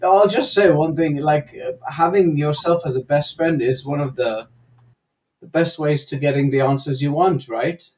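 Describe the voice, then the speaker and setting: A man co-hosting a casual discussion on a video call, easygoing, with frequent fillers and quick laughs. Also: a little high, a little mellow. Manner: easygoing, laughs easily, many fillers and restarts. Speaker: co-host and coach.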